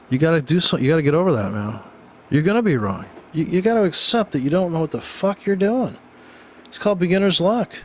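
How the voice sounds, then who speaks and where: A man's voice: a little high, slight background noise. A man giving casual, unscripted trading commentary to viewers, blunt and rambling, cursing freely and often tossing in a rhetorical "right?". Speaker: trading educator.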